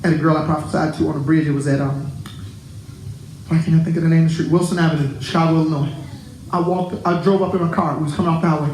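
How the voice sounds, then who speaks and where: A pastor preaching a sermon to his congregation, animated and joking with them. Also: a little high, very fast, echoey room, slight background noise, rough recording. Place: church.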